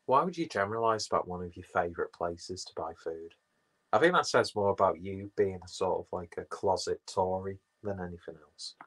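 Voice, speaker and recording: A rambling man talks casually on a livestream, swearing freely and making fun of himself. His voice sits a little low. He wanders from one thought to the next in an easy, loose way. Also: moderate pace, a bit bright. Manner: rambling, sweary, self-mocking. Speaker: livestream host. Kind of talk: casual chat, reading viewer comments.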